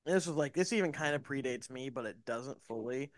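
A man's voice: mid-range voice, a little fast, no echo. A man co-hosting a podcast in casual chat, rambling and heavy on fillers. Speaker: podcast co-host.

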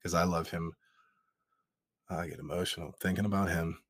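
A man's voice: deep voice, steady tone, normal speed, pauses often, fairly bright tone, slightly rough, no echo, studio quality. A man being interviewed as an author, speaking in a heartfelt, earnest way and swearing now and then. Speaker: guest, author. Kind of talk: emotional interview talk.

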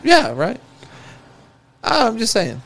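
A man chatting casually as a podcast co-host, quick and joking, often laughing and acting out reactions. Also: extremely high pitch, wildly swooping pitch, a bit bright. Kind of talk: casual chat.

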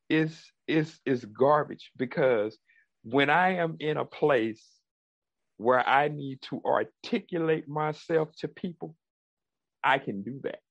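A man's voice: on the high side, takes it slowly, creaky, no echo, lo-fi sound. A man co-hosting a podcast in casual chat, rambling and repeating words as he builds his point. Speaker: podcast co-host.

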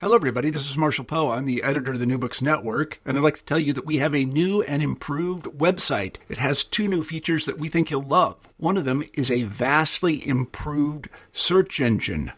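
A man's voice: fairly high pitch, brisk, few pauses, a bit bright, slightly rough. A man reading a scripted promo for a network in a plain, friendly manner. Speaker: network editor.

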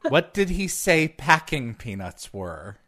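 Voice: mid-range voice, sing-song, takes it slowly, fairly bright tone. A trivia quizmaster on a live online show who is upbeat, laughs often and reads the questions aloud over a video call.

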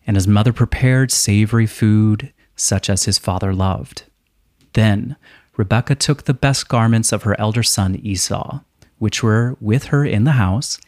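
A man co-hosting a podcast who mixes campy, wry commentary with even readings of scripture verses. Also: fairly low pitch, no room sound, studio quality. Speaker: podcast co-host. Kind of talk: casual chat and scripture reading.

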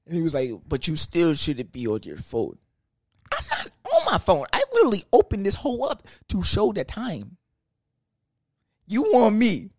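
A young Texan storyteller vlogger tells a casual story about his work, animated, profane, ranting and joking. His voice is a little high, recorded with clean studio sound and no echo.

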